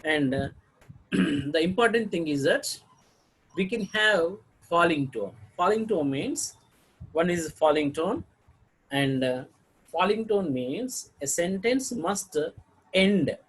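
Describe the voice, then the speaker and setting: Male teacher, slightly high husky voice, halting delivery with many fillers. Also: lively intonation, low-quality recording. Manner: hesitant, frequent fillers and throat clearing. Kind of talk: recorded lecture.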